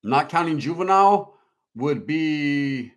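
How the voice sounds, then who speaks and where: A man's voice: fairly high pitch, lively intonation, slow pace. A middle-aged man hosting a casual livestream, reading viewer comments aloud in a laid-back, slangy, streetwise way. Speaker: livestream host reading chat. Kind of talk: casual live-stream chat.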